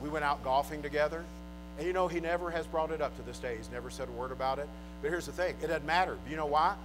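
A man preaching a sermon, emphatic and joking, swinging between hushed confessions and loud declarations. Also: on the high side, fast talker, music in the background, low-quality recording.

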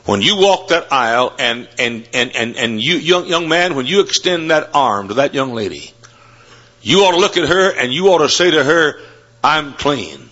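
A man's voice: on the high side, expressive, normal speed, pushed and bright. A man preaching a sermon from a pulpit in a college chapel, telling folksy stories and then driving hard at his points. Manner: folksy storytelling, rising to emphatic preaching. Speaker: Baptist preacher. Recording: dull lo-fi recording.

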